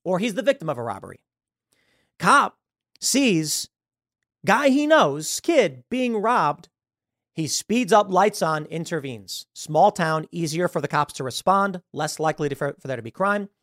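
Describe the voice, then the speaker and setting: A male host works through his commentary in an animated, scornful way. His voice sits a little high for a man. The sound is close and dry, with no room echo. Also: measured pace. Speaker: show host. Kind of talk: political commentary.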